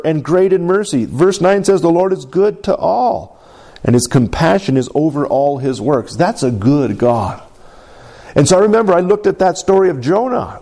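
Pastor guy preaching, gravelly voice, earnest storytelling, asks the crowd amen. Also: fairly high pitch, a little mellow. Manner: earnest storytelling with congregation call-outs. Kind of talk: sermon.

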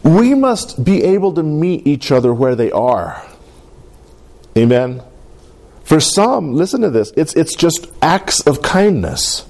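A middle-aged pastor preaches with a lot of rise and fall in his voice, asking the room for an "amen" as he goes. His tone is mellow and warm, never sharp. Now and then he slips into playful little voices. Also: a little high, slow pace. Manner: lively, call-and-response preaching with playful voices. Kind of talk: sermon.

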